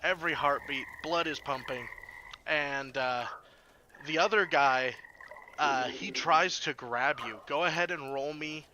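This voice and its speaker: A man running a tabletop game, speaking slowly and pausing often between hesitant phrases. A clear hiss of noise sits under his voice. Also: on the high side. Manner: hesitant, many fillers. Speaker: game master.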